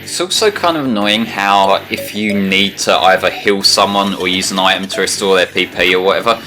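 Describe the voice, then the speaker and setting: A man playing the game and commenting casually in a flat, deadpan way, with his voice jumping up in pitch at times. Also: a little fast, over music. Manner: flat deadpan delivery that jumps high in pitch. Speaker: let's play player.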